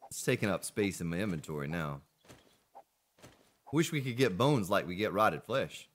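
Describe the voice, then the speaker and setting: Low-voiced man chatting while gaming. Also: sing-song, normal speed, slight background noise. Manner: chatty, talks to chat viewers by name. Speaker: game streamer. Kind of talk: casual gameplay commentary.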